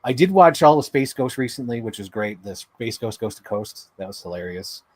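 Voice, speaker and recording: A man's voice: medium pitch, expressive, moderate pace, breathy edge, dry recording. A man co-hosting a podcast, rambling enthusiastically about shows with lots of filler words. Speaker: podcast co-host. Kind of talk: casual chat.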